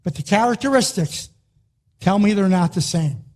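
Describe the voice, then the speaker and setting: High-voiced older man giving a motivational speech. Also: animated, moderate pace. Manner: emphatic, repetitive, rising to a shout on key lines. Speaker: motivational speaker.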